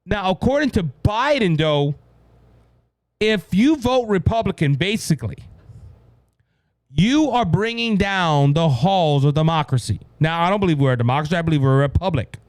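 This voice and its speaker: A man with a Cajun Louisiana accent hosting a solo political show, emphatic and repeating "ladies and gentlemen" with frequent restarts. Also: fairly high pitch, expressive, normal speed, no echo. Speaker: political podcast host.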